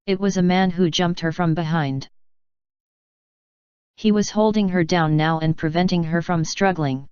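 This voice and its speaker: Woman audiobook narrator, steady even read, very smooth voice, dry dull lo-fi sound. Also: lowish voice, moderate pace, no echo.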